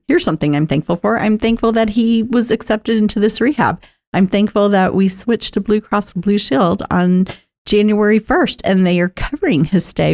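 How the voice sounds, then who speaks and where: Candid chatty middle-aged woman, low voice. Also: gravelly, darkish tone. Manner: candid, conversational, laughs often, many fillers. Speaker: talk host. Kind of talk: personal talk on positive mindset.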